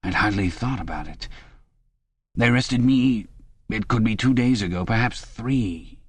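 A man voicing a vague, pedantic middle-aged male poet in a prison cell, in a higher, drawn-out, fussy voice. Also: breathy edge, no echo. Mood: bewildered.

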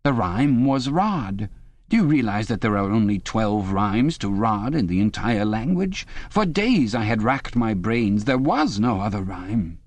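A dreamy, pedantic middle-aged poet, locked up and bewildered, as a male audiobook narrator puts him on. His voice rides higher than the narration and stretches words out fussily. The sound is dry and close. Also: lively intonation, a little mellow, dry recording. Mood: indignant pedantry. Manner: vague, fussy, rising higher voice, drawn-out words.

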